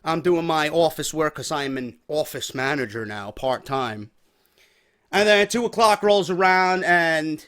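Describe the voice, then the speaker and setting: Heated, high-pitched ranting man. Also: fairly bright tone. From New York. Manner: profane, heated, exasperated. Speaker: podcast host. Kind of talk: ranting storytelling.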